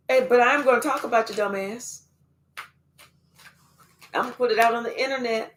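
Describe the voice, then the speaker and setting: A woman's voice: on the high side, normal speed, long pauses. A woman spiritual card reader giving a livestream reading to viewers, talking emphatically with lots of swearing and teasing.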